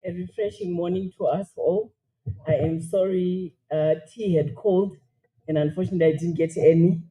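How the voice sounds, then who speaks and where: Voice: mid-range voice, steady tone, normal speed, warm tone, rough recording. A speaker with a Zimbabwean accent opening formal remarks at an event, polite with light humor.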